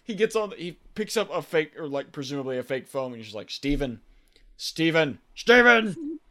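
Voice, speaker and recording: A man's voice: fairly high pitch, very animated, quick pace. Chatty man recapping a show. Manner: rambling, laughs often, acts out lines. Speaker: podcast co-host recapping a TV episode. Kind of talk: casual chat.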